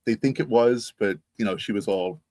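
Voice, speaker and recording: Halting low-voiced man in casual chat. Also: a little mellow, no room sound. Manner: halting, hesitant with many restarts.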